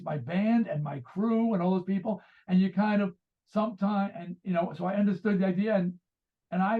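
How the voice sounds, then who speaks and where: High-voiced man on a tinny line. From United States. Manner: rambling storyteller who acts out quoted dialogue. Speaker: guest author and musician. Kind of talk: casual interview conversation. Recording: tinny phone-like remote line.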